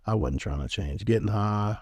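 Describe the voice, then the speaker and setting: A man's voice: lowish voice, animated, normal speed, a little mellow, slightly rough, no room sound. A middle-aged man, a guest telling his life story in a rambling, casual way, laughing often and acting out what others said. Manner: rambling, laughs often, acts out quoted talk. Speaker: guest giving a testimony.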